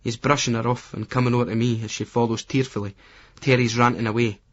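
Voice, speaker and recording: A man's voice: medium pitch, steady tone, fast, lo-fi sound. A man with a Scottish accent giving gritty, colloquial first-person audiobook narration. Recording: remastered poor-quality audio.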